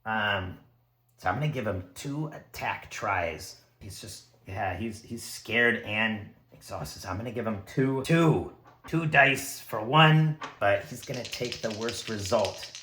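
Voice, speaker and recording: Man, casual solo game narration, bright sharp tone, cheers at dice rolls, roomy echo. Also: lowish voice, measured pace. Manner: excitable, talks to the dice and characters. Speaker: solo tabletop game player. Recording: echoey room.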